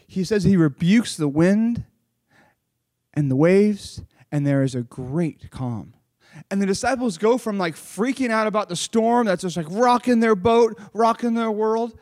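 A man giving a lively children's sermon, reading a Bible passage and retelling it in casual, animated storytelling with lots of "like". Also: high voice, no room sound, studio quality. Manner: casual, uses "like" often. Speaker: children's pastor.

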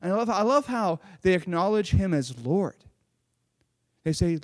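Animated high-voiced man preaching to kids. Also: a little slow, dry recording, studio quality. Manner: lively, animated storytelling with dramatic voices; casual, uses "like" often. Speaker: children's pastor. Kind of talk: children's sermon with Bible reading.

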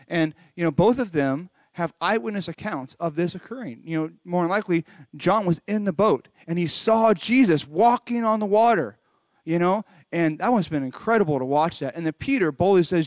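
A man's voice: sits high, lively intonation, moderate pace, dry recording. A man leading a children's church lesson from home, retelling a Bible story in an earnest, conversational way with frequent restarts. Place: home recording during lockdown.

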